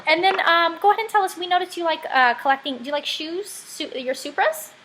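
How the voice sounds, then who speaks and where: A high-pitched woman asks her questions at a brisk clip, keeping things casual and friendly. She moves the chat along with quick prompts to her guest. A faint hiss of noise sits under her voice. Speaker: interviewer.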